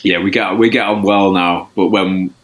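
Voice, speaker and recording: A man's voice: sits low, steady tone, normal speed. A man, a podcast guest chatting casually, rambling and self-deprecating with many restarts. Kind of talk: casual chat.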